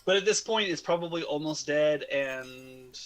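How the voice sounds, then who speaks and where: A man's voice: a little high, moderate pace, crowd noise, low-quality recording. A man playing a tabletop game, explaining his moves hesitantly with many fillers. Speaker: player. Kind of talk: casual tabletop game chat.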